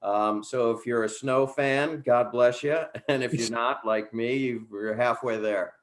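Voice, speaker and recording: A man's voice: mid-range voice, steady tone, a little slow. Cheerful man sharing fun facts. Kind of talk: casual chat at a meeting.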